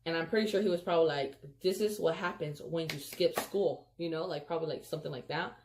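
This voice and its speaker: A woman with a notably low voice tells a storytime to her viewers, animated and emphatic. She keeps calling them "you guys" and fills her talk with "like" and "freaking," in a loose, chatty way. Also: fast talker, slight background noise. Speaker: storyteller vlogger. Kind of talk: casual storytime vlog.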